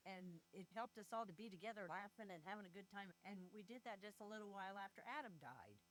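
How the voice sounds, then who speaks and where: An older woman talks in an earnest, heartfelt way, her voice sitting at an ordinary middle pitch. She speaks openly and sincerely as a guest in a conversation, with a faint hum behind her. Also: lively intonation, quick pace, fairly bright tone, rough recording. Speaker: grieving mother and guest.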